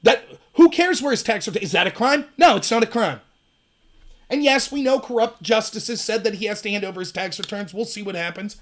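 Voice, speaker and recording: A man with a fairly bright, animated voice talks fairly quickly on his solo political livestream. Sarcasm runs through his emphatic ranting as he mimics opponents in shrill, high voices and reads and responds to the live chat.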